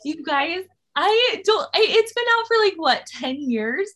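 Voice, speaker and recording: A woman's voice: very high-pitched, sing-song, measured pace, fairly bright tone. A woman in her thirties, a guest on a podcast, talking in a chatty, candid way and laughing often. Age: 30s. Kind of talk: casual interview chat.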